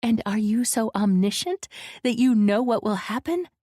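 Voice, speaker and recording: A woman voicing a defiant, sharp-tongued young woman in an audiobook scene, answering back with cutting retorts. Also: medium pitch, lively intonation, a little slow, no echo, studio quality, voice pushed up.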